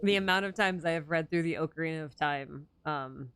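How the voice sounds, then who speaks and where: A woman's voice: low voice, fairly quick, a bit bright, smooth, no echo. Rambling, laughing young woman host. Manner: rambling, self-interrupting, laughs often. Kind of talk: casual chat.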